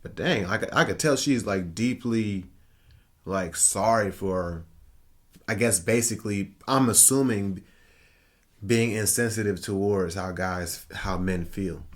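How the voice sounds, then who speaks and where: A man with a fairly low voice reacts to clips in an easygoing, conversational way. He stumbles over repeated words as he works out his thoughts aloud. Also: unhurried. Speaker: commentary host. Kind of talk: casual reaction commentary.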